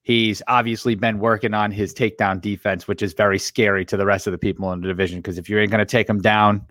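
A man's voice: lowish voice, flat delivery, fast talker, fairly bright tone, no echo, studio quality. A man co-hosting a podcast, chatty and telling stories in casual talk. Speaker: podcast co-host.

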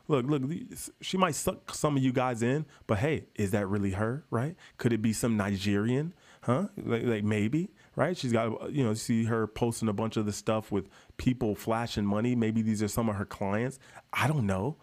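A man talks straight to his viewers in a loose, chatty vlog. His voice sits at an ordinary middle pitch. He leans hard on his points and often says things twice. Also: lively intonation, normal speed, darkish tone. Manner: emphatic, chatty, keeps addressing viewers as guys; repeats himself for stress. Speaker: vlogger. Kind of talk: casual talk to camera.

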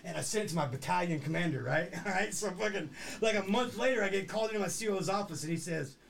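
A man's voice: high voice, fast, creaky. A middle-aged man telling a rambling, profane story in casual chat. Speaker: podcast host.

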